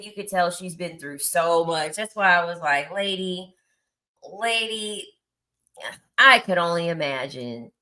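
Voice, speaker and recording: A woman in her thirties tells a story in casual chat, blunt and crude as she mocks people. Her voice is bright and forceful, at a middling pitch. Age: 30s. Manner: blunt, crude and mocking, with frequent laughs. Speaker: content creator.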